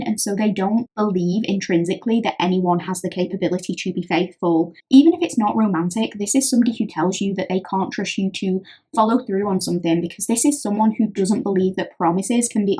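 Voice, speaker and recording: A woman's voice: medium pitch, dark tone. Chatty British woman reading tarot. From Britain. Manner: chatty, conversational, often acting out what others say. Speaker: tarot reader. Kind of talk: pick-a-card tarot reading.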